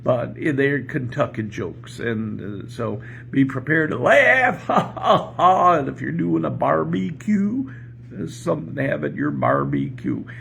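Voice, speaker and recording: Rambling older man with a gravelly voice. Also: medium pitch, sing-song, a little slow, a little hiss or hum. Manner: rambling and chuckling. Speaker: pastor and podcast host. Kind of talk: casual morning chat and joke telling. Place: home porch.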